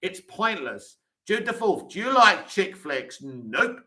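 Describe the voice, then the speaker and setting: A high-pitched man with an English accent hosts a live stream and answers viewer comments bluntly. His voice is very bright and sharp, and his takes are curt and dismissive. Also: very animated, slow. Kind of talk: reading and answering live chat.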